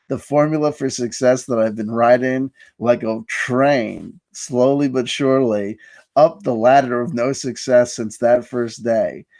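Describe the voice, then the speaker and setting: A man's voice: medium pitch, darkish tone, dry recording. A man hosting a live online stream, telling a story in a mock-grandiose, self-mocking way. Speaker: host. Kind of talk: casual live-stream chat.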